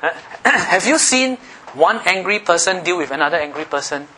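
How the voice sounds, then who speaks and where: Brief: middle-aged male pastor preaching, animated, bright and forceful tone, slightly higher voice. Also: normal speed, a little hiss or hum. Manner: animated preaching, swinging between loud emphatic passages and soft asides. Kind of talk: sermon.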